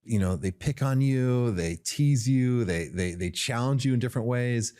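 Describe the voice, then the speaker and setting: A man who is a podcast guest, telling stories in a casual interview, animated and often repeating words as he builds his point. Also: medium pitch, normal speed. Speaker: podcast guest, tea company founder.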